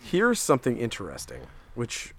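A man's voice: mid-range voice, huge pitch swings, moderate pace. A man co-hosting a casual chat about comics, talking with enthusiasm. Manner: enthusiastic, laughs easily. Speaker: podcast co-host.

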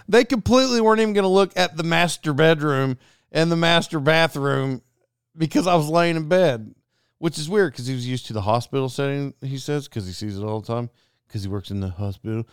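A man's voice: medium pitch, a little fast, clear, resonant tone, dry recording, clean studio sound. A man hosting a podcast, telling a casual story and acting out the voices of people in it. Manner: animated, acts out quoted dialogue. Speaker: podcast host.

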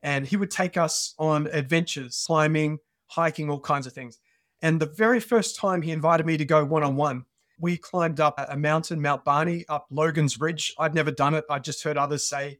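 Australian male guest, lively storyteller, slightly higher voice, dry close mic. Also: normal speed, dry recording. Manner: animated storyteller. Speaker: podcast guest. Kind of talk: conversational interview.

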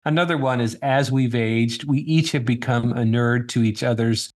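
A man co-hosting a podcast, explaining things in a measured, thoughtful way. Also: medium pitch. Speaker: podcast co-host. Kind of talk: casual podcast chat.

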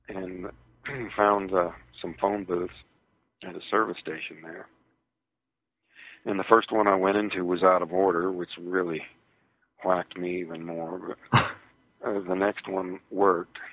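A man recounting a personal ordeal as an interview guest, in a halting, hesitant way, heard over a tinny phone line on radio. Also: sits low, slightly rough, dry recording.

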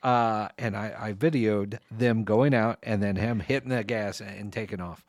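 A man co-hosting a podcast, adding details to a shared story in a relaxed way and chuckling now and then. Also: on the low side, a little slow, dry recording, clean studio sound. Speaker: podcast co-host. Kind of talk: casual storytelling chat.

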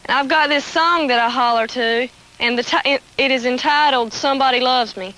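A woman's voice: high voice, brisk, background noise. A young woman, eagerly explaining the hollers she learned from her family. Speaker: holler contestant. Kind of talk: casual explanation with demonstrations.

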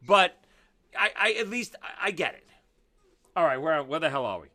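A man's voice: on the high side, expressive, moderate pace, pushed and bright. A man co-hosting a casual talk show, blunt and opinionated, often restarting his sentences. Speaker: podcast co-host. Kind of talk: casual chat.

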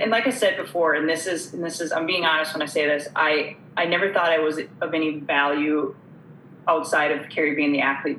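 A woman's voice: deep voice, fairly bright tone, reverberant, slight background noise, poor audio. A woman guest telling her story earnestly, acting out the dialogue she quotes. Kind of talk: conversational storytelling.

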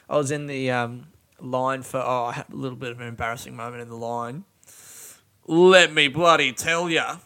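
A man's voice: medium pitch, steady tone, moderate pace, pushed and bright. A young Australian man telling a rambling, sweary comic story about waiting for money.

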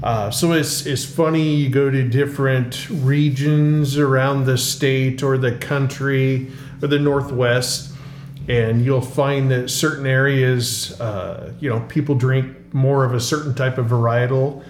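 A middle-aged man, a winery co-owner, answering interview questions in a casual, halting way with many fillers and restarts, recorded in a tasting room. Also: medium pitch, steady tone. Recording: roomy tasting room, faint hum.

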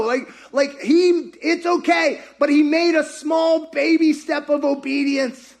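A male pastor preaches with animated energy, tossing rhetorical questions out to the room. His voice sits high for a man and swings between loud bursts and softer asides. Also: slow, vocal fry. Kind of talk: sermon.

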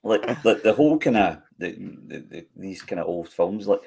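A man's voice: fairly low pitch, expressive, normal speed, darkish tone, breathy edge. A Scottish man chatting casually on a podcast, rambling and restarting his sentences. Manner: rambling, restarts a lot with "kinda" and "aye". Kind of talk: casual chat.

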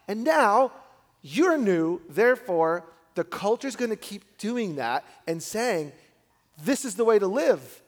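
A man preaching a sermon, animated, swinging between loud emphatic peaks and quiet asides. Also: sits high. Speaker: pastor. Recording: long hall reverb.

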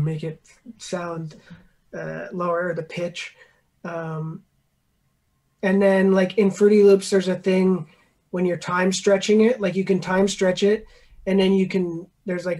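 A young man, a beat producer, explaining his process in casual chat, rambling and filling every pause with "like". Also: high voice, darkish tone. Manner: rambling, filler-heavy, says "like" constantly.

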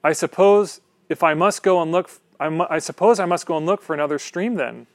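A man's voice: on the high side, a little fast, dry recording, pitched above the performer's own voice, lightly acted. A man reading aloud as a frightened, thirsty young girl who pleads anxiously and hesitantly.

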